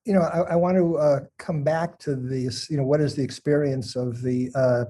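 A man asking an interview question in a halting, measured way with fillers. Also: a little high, steady tone, warm tone, slight background noise.

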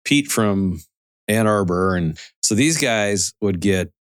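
Co-host, low voice, dry recording, rambling laughing storyteller. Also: male voice, expressive, takes it slowly, clean tone, no room sound. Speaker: podcast co-host. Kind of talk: casual storytelling.

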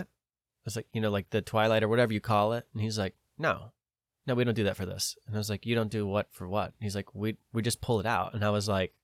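A man's voice: on the low side, no echo, studio quality. A man on a podcast telling a long story in a casual way, quoting other people in his own voice and swearing now and then. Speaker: podcast host.

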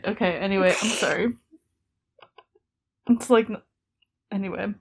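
A woman's voice: on the high side, expressive, brisk, slightly rough. Chatty woman podcast co-host. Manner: chatty, many fillers, laughs often. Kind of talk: casual book discussion chat.

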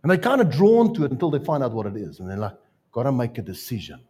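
A man with a South African accent preaching a sermon, telling stories with jokes and lively asides. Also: medium pitch, racing, husky. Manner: storytelling, joking, animated asides. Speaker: pastor.

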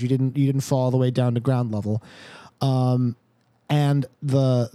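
A man's voice: mid-range voice, mellow, dry recording. Laid-back man running a tabletop game. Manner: laid-back, swears casually. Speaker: dungeon master.

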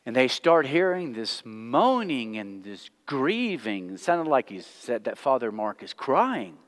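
A man leading a church class in a middle-pitched voice, talking conversationally and circling back through rhetorical questions. His words ring out with a long reverb, as in a church hall. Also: big pitch swings, a little slow. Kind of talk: sermon-style teaching with a joke.

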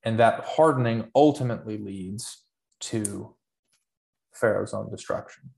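A man's voice: lowish voice, a little slow, gravelly, darkish tone. Earnest man explaining at length. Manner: earnest, rambling explanations with restarts. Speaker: podcast co-host. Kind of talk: casual theological discussion.

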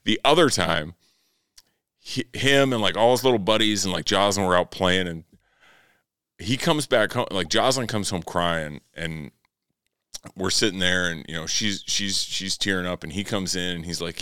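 A man in his thirties telling family stories in casual chat, acting out quotes, swearing and laughing loudly. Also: low voice, moderate pace, clean tone, no echo, clean studio sound. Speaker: podcast co-host.

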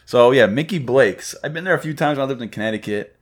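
A man co-hosting a podcast in relaxed casual chat, telling stories in an animated way. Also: mid-range voice, fast. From Northeastern US. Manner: laid-back, animated storyteller. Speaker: podcast co-host.

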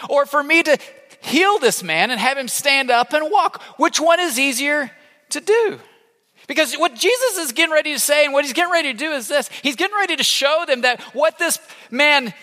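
Man, preacher, very high voice, bright tone, lively storytelling, acts out characters. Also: in a large hall. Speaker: pastor. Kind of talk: sermon.

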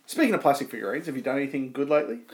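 A man's voice: mid-range voice, big pitch swings, a little mellow. Aussie guy ribbing his mate on a podcast, voice bouncing all over, dry jokey questions. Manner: teasing, dry jokes, quick to laugh. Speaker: podcast co-host. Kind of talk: casual chat.

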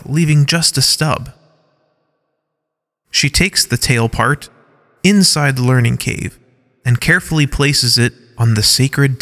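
Male narrator for a scripted audio story, mid pitch, unhurried, long reverb. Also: fairly bright tone. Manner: measured, reads stage directions aloud.

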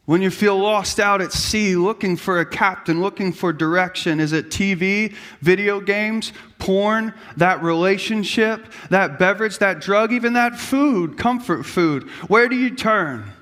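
A man with a very high voice preaching a sermon. He builds from easy talk into rising, impassioned calls. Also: unhurried, hardly any pauses, a bit bright, long reverb tail. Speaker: pastor.

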